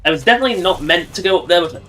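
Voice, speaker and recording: A man's voice: high-pitched, animated, racing, sharp tone. A man giving casual, joking commentary while livestreaming a game and talking to its characters. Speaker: streamer.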